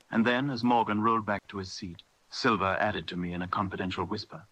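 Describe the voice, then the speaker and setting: A man narrating an adventure audiobook in a measured, steady storytelling manner. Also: lowish voice, dry recording, low-quality recording. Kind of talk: scripted narration.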